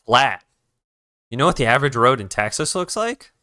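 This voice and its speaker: Ranting, swearing art streamer with a lively voice. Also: medium pitch, normal speed, no room sound, studio quality. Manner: profane, ranting, retells the conversation in others' voices; restarts sentences while redrawing. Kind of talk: casual story time while drawing on a live stream.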